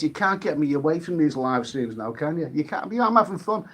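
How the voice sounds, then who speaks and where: Hosting an informal live stream, a man from the United Kingdom drinks while working through viewer comments. He talks in a halting, meandering way, often starting over, and his voice sits high.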